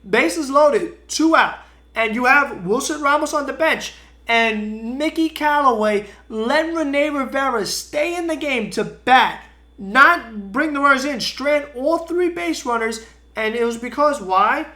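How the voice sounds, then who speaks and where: A man's voice: very high voice, lively intonation, a little slow, bright, forceful tone. Exasperated, sarcastic man ranting about sports. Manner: opinionated, emphatic. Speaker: podcast host. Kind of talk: sports podcast rant.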